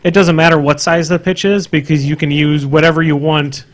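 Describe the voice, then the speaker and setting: Podcast co-host, male, slightly higher voice, relaxed banter, laughs a lot. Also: brisk. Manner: laid-back, laughs often, restarts mid-sentence. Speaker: podcast co-host reading listener questions. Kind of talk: casual gaming podcast chat.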